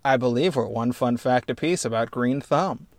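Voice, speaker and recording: Dude hosting a podcast, rambly and self-mocking, super dry sound, middle pitch. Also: male voice, moderate pace, no echo. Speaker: podcast host. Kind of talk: casual comedic chat.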